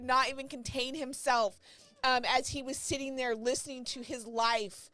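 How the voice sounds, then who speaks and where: A woman's voice: sits high, steady tone, moderate pace, pushed and bright, no room sound. A woman hosting a live stream, talking in an effusive way and often repeating herself. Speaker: livestream host.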